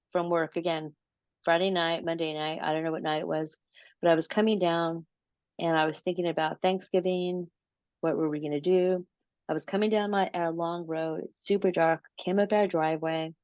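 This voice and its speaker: Woman interview guest, low voice, animated storyteller, dry muffled recording. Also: no echo. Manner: animated, repeats words, acts out her own quotes. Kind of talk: casual storytelling.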